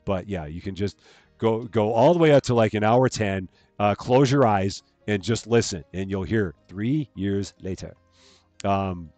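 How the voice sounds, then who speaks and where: A man's voice: fairly low pitch, darkish tone, no room sound. A man casually chatting with viewers while he plays a farming game on a live stream, greeting people and laughing at his own jokes.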